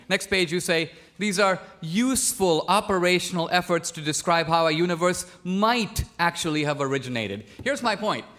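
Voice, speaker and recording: A man from India arguing a point in a formal debate, measured and pointed, pressing his opponent with questions. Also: high-pitched, fairly bright tone. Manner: measured, pointed, cross-examining. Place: debate stage in a large hall.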